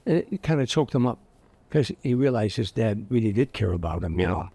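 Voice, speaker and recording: An older man, a comedian guest, telling anecdotes in an interview with lively restarts. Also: mid-range voice, brisk, slightly rough, no echo. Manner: anecdotal, animated with repeated restarts. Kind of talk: storytelling interview.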